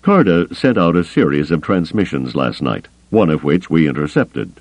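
Thrawn, a man doing a calm, cold alien admiral. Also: very deep voice, no echo, exaggerated voice. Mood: dry. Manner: calm, measured, dry.

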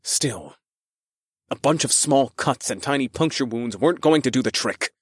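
A man's voice: mid-range voice, animated, normal speed, husky, no room sound. A man narrating a first-person fantasy audiobook with a dramatic, wry delivery on a close mic.

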